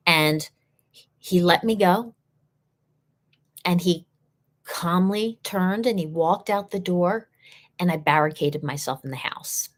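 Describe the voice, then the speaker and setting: Hosting a live session, a woman with a lowish voice shares a personal story earnestly, speaking slowly with frequent pauses and repeating key phrases for emphasis.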